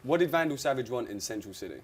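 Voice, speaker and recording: Fast-talking British male host. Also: mid-range voice. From Britain. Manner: lively, fast, joking, laughs often. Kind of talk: casual panel chat.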